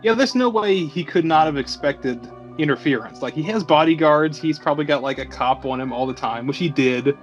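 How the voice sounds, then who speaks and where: A man's voice: fairly high pitch, brisk, few pauses, dull audio, soft background music. A man co-hosting a casual podcast, recapping a film with jokes and plenty of swearing. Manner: joking, profane, acts out scenes. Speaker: podcast co-host. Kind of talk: casual movie recap chat.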